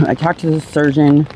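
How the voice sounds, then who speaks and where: A woman's voice: low voice, background noise. A middle-aged woman telling her own story in a candid, rambling, blunt way, swearing casually. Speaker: vlogger sharing her cancer story.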